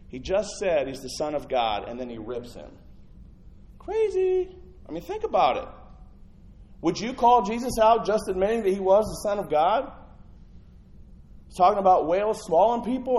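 Give me an animated male pastor preaching a sermon, swinging from loud to hushed. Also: high-pitched, normal speed, poor audio.

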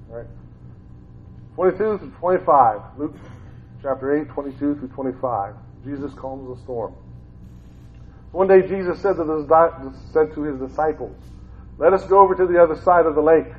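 A man's voice: on the high side, moderate pace, pauses often. Man giving a Bible talk over a tinny line. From Ohio, United States. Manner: conversational, repeats phrases, grows more fervent. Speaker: lay preacher, former school teacher. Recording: tinny phone-like sound.

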